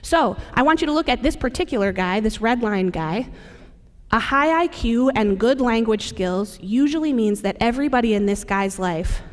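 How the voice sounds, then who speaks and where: Woman, conference presenter, fairly high voice, chatty and wry, long hall reverb. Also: lively intonation, moderate pace. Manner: conversational and humorous, addressing the audience directly.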